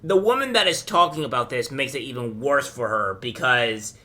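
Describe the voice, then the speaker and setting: A man's voice: mid-range voice, expressive, normal speed, sharp tone. A male host giving reaction commentary on a clip, rambling with many fillers and false starts. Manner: rambling, lots of fillers and restarts.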